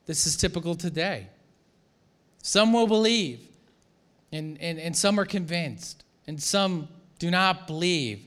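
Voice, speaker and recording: Animated high-voiced male pastor preaching. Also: measured pace. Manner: animated, acts out quoted voices, restarts often. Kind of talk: sermon.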